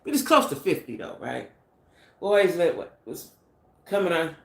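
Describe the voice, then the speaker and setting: A middle-aged woman hosts a casual gossip stream, chatting and speculating straight to her viewers. Her voice sits a little low for a woman. The room adds a noticeable echo around her. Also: very animated, normal speed, creaky. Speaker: channel host.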